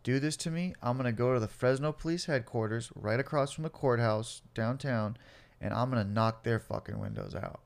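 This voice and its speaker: Man, late 20s or older, interview guest, mid-pitched voice, swears freely, animated storyteller. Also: fairly quick, vocal fry, slight background noise. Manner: profane, animated, acts out cops and himself. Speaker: guest telling his life story.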